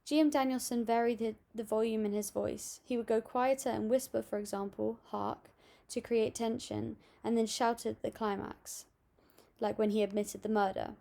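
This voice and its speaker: A young woman reading out a school assignment on voice techniques, steady and a little halting, with small restarts. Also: fairly high pitch, vocal fry. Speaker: student presenting an assignment. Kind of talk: read-aloud school presentation.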